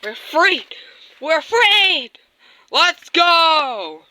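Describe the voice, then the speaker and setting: A woman's voice: very high voice, very animated, drawn-out words, bright, forceful tone, no echo. A woman voicing plush toys in a skit, screaming and gasping dramatically. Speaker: plush toy video narrator.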